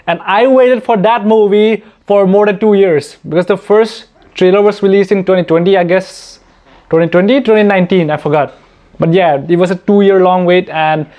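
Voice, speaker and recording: High-voiced chatty young man, laughing often. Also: a little mellow. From India. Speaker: YouTube channel host. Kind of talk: casual Q&A chat.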